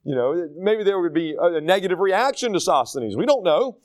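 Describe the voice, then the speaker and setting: A man with a high voice for his sex teaches through a Bible passage in a relaxed, conversational way. He talks earnestly and plainly, with frequent fillers and restarts as he works his points out. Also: fairly quick. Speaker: pastor teaching a Bible study.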